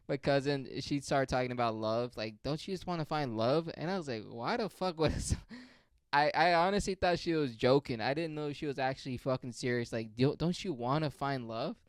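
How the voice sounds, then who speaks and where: A man's voice: medium pitch, normal speed, clean tone, dry recording. A young man in a casual solo monologue who rambles and swears freely, mocking himself as he goes. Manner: profane, rambling, self-mocking. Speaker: podcast host.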